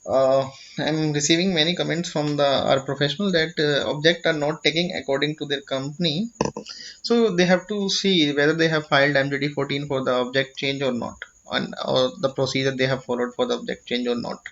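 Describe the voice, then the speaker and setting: A man's voice: fairly high pitch, fairly even intonation, fairly quick, gravelly, fairly bright tone. A man with an Indian English accent explaining a government filing form step by step. He often checks in with "okay?" and restarts his sentences. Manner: repeats "okay?" to check understanding, with frequent restarts. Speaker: tutorial presenter. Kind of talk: explanatory screen-share tutorial. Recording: dull lo-fi audio.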